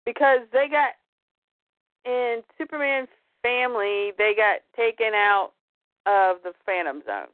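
A woman's voice: a little high, no room sound. A woman chatting casually as a comic book podcast co-host, summing up a story and briefly acting out its characters. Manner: animated, acts out lines of characters in quick voices. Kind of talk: casual chat recapping comics. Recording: tinny phone-like dry sound.

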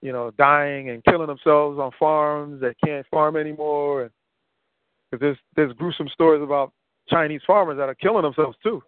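A man's voice: on the high side, steady tone, moderate pace, dry recording. A man talking casually on a call, rambling and piling up examples, a bit winded. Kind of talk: casual conversation. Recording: tinny phone line.

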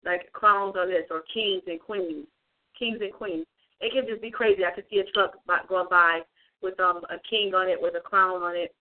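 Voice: mid-range voice, steady tone, normal speed. Rambling religious talker, tinny phone-like sound. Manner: rambling, many fillers and repetitions. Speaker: online religious speaker. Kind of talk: informal religious livestream talk.

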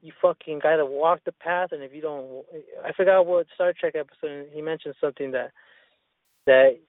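A man's voice: on the high side, dry recording. Man telling a story over a tinny line. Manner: rambling, profane, with many restarts. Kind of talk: casual storytelling chat. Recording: tinny phone-line sound.

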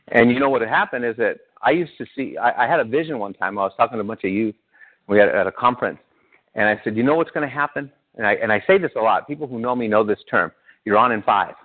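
A man's voice: medium pitch, expressive, fast talker, slightly rough. Guy preaching, chatty, keeps asking the church stuff, sounds tinny like over a phone. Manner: conversational, asks the congregation questions. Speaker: pastor. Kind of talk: sermon.

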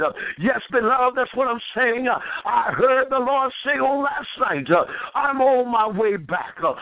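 Male preacher, fervent sermon delivery, lively rising and falling voice, dry close sound. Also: extremely high pitch, gravelly, dry recording. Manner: fervent preaching with frequent "uh" fillers; addresses listeners as "beloved". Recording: tinny phone-line sound.

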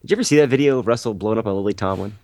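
A man's voice: fairly low pitch, very fast, a little mellow, no room sound. A man co-hosting a movie podcast, rambling and joking with sarcastic asides. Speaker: podcast co-host. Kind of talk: casual movie podcast chat.

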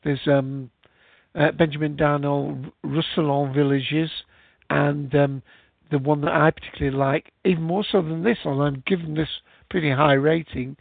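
Male host, rambling casual chat, gravelly fry, dry phone-like sound. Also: a little high, steady tone, moderate pace, no echo. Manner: rambling, chatty, many fillers. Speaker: podcast host. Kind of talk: casual live-show chat.

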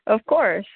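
A woman co-hosting a call-in show with laid-back banter, quick to laugh. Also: sits high. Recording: phone line.

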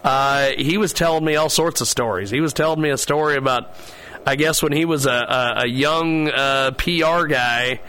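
A man hosting a radio talk show, chatting in a rambling, halting way with frequent laughter. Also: mid-range voice, bright, forceful tone, clean tone, rough recording. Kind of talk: casual radio chat.

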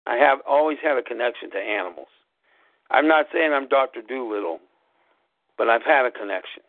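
A man hosting a show, telling a personal story in a slow, deliberate way and spelling things out letter by letter. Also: medium pitch, lively intonation, no echo. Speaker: podcast host. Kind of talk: casual storytelling monologue. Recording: tinny phone-like line, dry.

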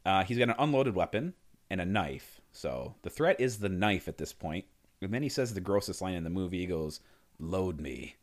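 A man's voice: low voice, lively intonation, fairly quick. A man co-hosting a casual movie podcast, animatedly retelling scenes and acting out lines. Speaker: podcast co-host.

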